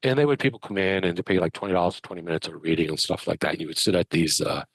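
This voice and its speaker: A man with a lowish voice tells stories in an animated, chatty way. He often starts a phrase over as he goes. The recording is dry and close, with no room echo. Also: racing, husky. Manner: animated, chatty anecdote-telling with many restarts. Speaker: medium, guest. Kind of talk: conversational storytelling.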